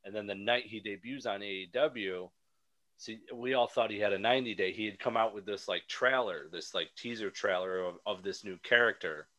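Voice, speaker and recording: A man co-hosting a podcast, talking in an animated, rambling way with frequent restarts. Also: on the low side, normal speed. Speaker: podcast co-host. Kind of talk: casual chat.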